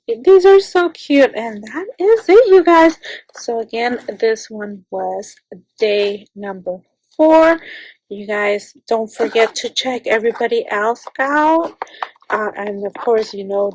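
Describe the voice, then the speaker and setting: A woman's voice: mid-range voice, darkish tone, slightly rough, dry recording, poor audio. A woman hosting a crafting channel, chatting casually through an unboxing, gushing and gasping over each item. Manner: gushing, gasping, repeats "how cute".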